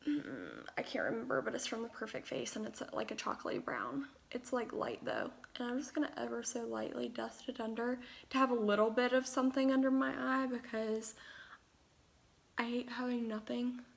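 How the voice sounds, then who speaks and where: Young woman, beauty vlogger, makeup tutorial, chatty and rambling, slightly high voice, vocal fry. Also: normal speed, slight background noise. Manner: chatty, rambling with fillers and asides.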